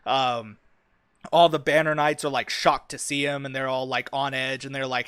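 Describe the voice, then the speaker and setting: A young man talks loosely about his own fantasy world, peppering it with curse words, ums and likes. His voice sits at an ordinary middle pitch. The sound is dry and close, with no room around it. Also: fairly even intonation, moderate pace, fairly bright tone, clean tone, no echo. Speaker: streamer and fantasy writer. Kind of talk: casual chat about a fantasy story.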